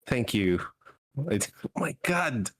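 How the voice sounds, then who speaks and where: Slow, stammering man. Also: mid-range voice, sing-song, slightly rough, dry recording, studio quality. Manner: flustered, giggly, stammering. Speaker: player. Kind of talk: role-playing a character in a tabletop game.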